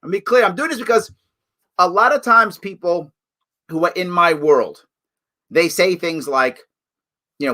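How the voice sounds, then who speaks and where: A man hosting his own political commentary livestream, talking in a sarcastic, animated, mocking way. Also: fairly high pitch, moderate pace. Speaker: show host.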